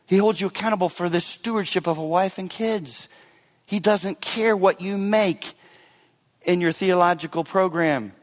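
Man, pastor preaching, animated delivery, loud peaks and quiet asides, long hall reverb. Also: a little high. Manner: animated preaching, swinging between loud emphasis and hushed asides. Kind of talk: sermon.

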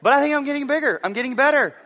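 A man in his forties delivers a sermon from the pulpit, his voice high and bright. He tells stories in an animated way and breaks into loud bursts as he acts them out. The hall adds a long echo behind him. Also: very fast. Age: 40s. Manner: animated storytelling, acting out bursts of loud effort. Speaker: pastor. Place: church sanctuary.

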